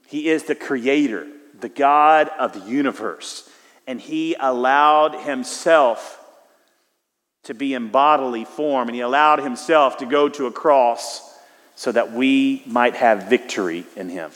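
A middle-aged man from Houston preaching a sermon as pastor, telling stories in a lively, conversational way with frequent restarts. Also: medium pitch, slow pace. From Houston, Texas. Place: church sanctuary. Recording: long hall reverb.

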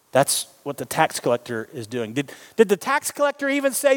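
Animated pastor in a reverberant hall. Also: male voice, a little high, normal speed. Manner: animated, jokes with the congregation, acts out quoted voices. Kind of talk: sermon. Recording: long reverb of a large hall.

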